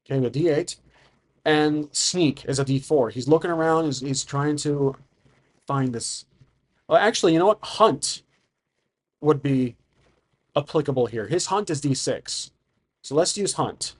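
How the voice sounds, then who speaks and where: A man's voice: on the high side, lively intonation, a little slow, long pauses. A man narrating a solo tabletop game, improvising and thinking aloud about the rules.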